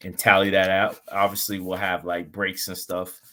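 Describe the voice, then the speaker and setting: A young man with a fairly low voice hosts a relaxed sports talk show. He talks in a laid-back way, laughs often and keeps ending sentences with "man.". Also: moderate pace. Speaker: podcast host. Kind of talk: casual sports chat.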